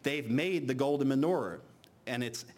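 A man preaching to a congregation, reading scripture aloud slowly and then talking casually with restarts. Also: mid-range voice, a little mellow.

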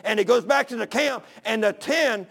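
A man's voice: very high voice, normal speed, vocal fry, fairly bright tone. A man preaching a sermon in a folksy, fervent manner, mixing plain everyday talk with scripture reading.

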